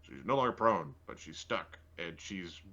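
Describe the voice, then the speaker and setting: A man playing a tabletop game, working through rules in an animated way. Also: low-pitched, measured pace, highs cut off. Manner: animated, rule-checking. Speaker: player.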